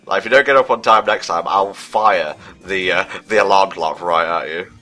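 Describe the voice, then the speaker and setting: Bright-voiced man chatting over gameplay. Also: low voice, normal speed. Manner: chatty, jokey, light banter. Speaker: let's play co-commentator. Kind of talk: casual gameplay commentary. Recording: game music underneath.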